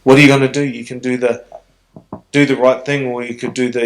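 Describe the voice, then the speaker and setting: A middle-aged New Zealander with a mid-range voice and little pitch movement speaks a little fast as a guest in a live Q&A on stage before an audience. He comes across as earnest, reflective, and emotionally open, though the recording is rough.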